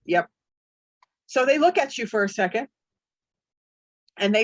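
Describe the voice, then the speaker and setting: Woman game master, slow and halting, dry close sound. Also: a little high, lively intonation, no room sound. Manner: halting, with many fillers. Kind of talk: narrating a tabletop game.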